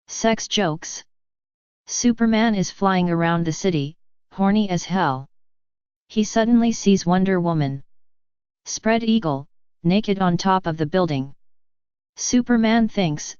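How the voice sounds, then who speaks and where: A woman reading a series of jokes in a deadpan, measured scripted narration. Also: mid-range voice, clear, resonant tone, dry recording, muffled recording. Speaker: joke reader.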